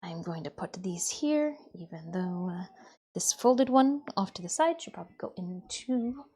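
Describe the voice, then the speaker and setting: A woman from Michigan chatting casually on a live stream while she cooks, swearing freely and often dropping to a quiet mutter. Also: fairly low pitch, animated, normal speed, husky. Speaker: livestreamer.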